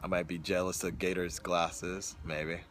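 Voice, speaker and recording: A man's voice: low voice, flat delivery, a little slow, a bit bright, a little hiss or hum. A young man in a hotel room talking in a rambling, profane, meandering casual monologue to his viewers. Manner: profane, meandering, frequent restarts. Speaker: streamer vlogger.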